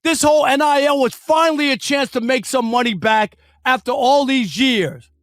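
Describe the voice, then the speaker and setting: High-voiced man in an indignant radio rant. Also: moderate pace, no echo, clean studio sound. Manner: indignant, shouting and emphatic. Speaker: radio show host. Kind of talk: opinionated sports radio rant.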